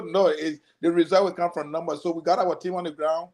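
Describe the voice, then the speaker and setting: Male campaign guest on a talk show, higher voice, runs through a list with fillers. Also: fairly even intonation, a little fast. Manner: listing points, many fillers.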